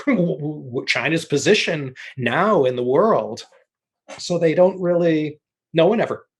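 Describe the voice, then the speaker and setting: A man in his sixties from the United States, talking casually as an interview guest, rambling with many restarts and fillers. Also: fairly high pitch. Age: 60s. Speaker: guest expert.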